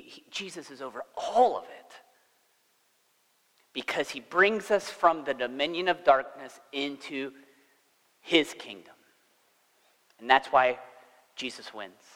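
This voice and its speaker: A man's voice: mid-range voice, fairly bright tone, big-room sound, rough recording. A man preaching a sermon in a church, talking conversationally and asking the congregation questions. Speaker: pastor.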